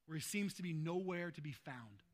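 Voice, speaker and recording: A male pastor preaching a sermon, swinging between hushed, slow lines and loud, fervent passages. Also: a little high, lively intonation.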